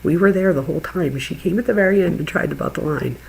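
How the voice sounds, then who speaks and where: A middle-aged woman with a low, gravelly voice and a husky edge, telling a story to her viewers. Her delivery is chatty and animated, loose and full of laughter, like a host talking straight to her audience. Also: fast, poor audio. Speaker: true crime channel host.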